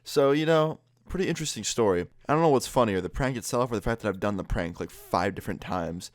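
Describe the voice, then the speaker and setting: A man's voice: on the low side, lively intonation, quick pace, no echo, studio quality. A young man recounting a prank story in a casual vlog, laid-back, swearing freely and laughing as he goes. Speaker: YouTuber.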